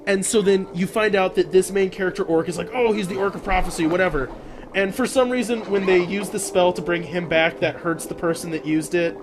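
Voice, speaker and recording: A man hosting a casual podcast chat, animated and rambling with lots of fillers. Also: high-pitched, brisk, background noise. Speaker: podcast host.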